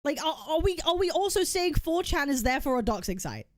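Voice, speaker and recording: A woman's voice: high-pitched, very animated, fairly quick, no echo, clean studio sound. A woman streamer making a heated, argumentative case on stream, emphatic and often repeating herself. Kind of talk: heated reaction rant.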